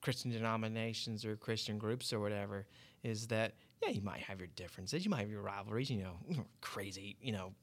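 A man's voice: on the low side, fairly quick. A man in casual talk-show chat, often stammering and restarting, with a joking edge.

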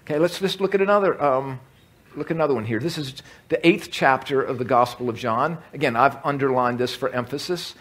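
A man's voice: a little high, moderate pace, a bit bright, slightly rough. A man leading a Bible study class for a large group, talking through scripture in a conversational way, repeating words and asking the room questions. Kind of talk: teaching talk to a group.

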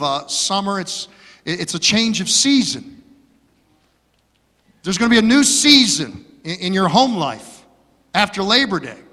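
Bright-voiced man preaching a sermon. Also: high-pitched. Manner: earnest, folksy preaching with fillers. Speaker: pastor. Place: church sanctuary. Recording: reverberant church hall.

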